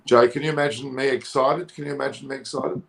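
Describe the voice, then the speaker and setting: A middle-aged man trading cricket opinions in casual conversation. He is jokey and animated, and his voice leaps up in pitch when he protests. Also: fast talker, creaky, low-quality recording. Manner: animated, jokey, rises high when indignant. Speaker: cricket show co-host. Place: Coogee, Australia.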